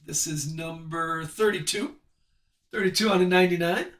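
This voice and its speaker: A man's voice: on the high side, a bit bright, echoey room, recorded from a distance, slight background noise. A man hosting a live sports card break, chatting with viewers and reading off the cards as he opens packs. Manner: chatty, reads card names off quickly.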